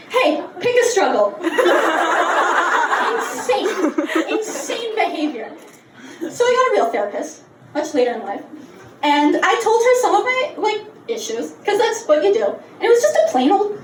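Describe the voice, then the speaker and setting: A woman's voice: very high voice, big pitch swings, moderate pace, very noisy. A young woman of about nineteen doing a live stand-up set in a bar, telling brash, profane, self-mocking stories. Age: young adult, about 19. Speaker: stand-up comedian. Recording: roomy, distant bar recording with loud ambience.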